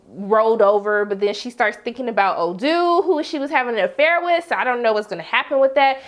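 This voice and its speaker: A TV review vlogger with a fairly high-pitched voice chats casually while recapping a TV episode. She's slangy and animated, acting out her own reactions as she goes.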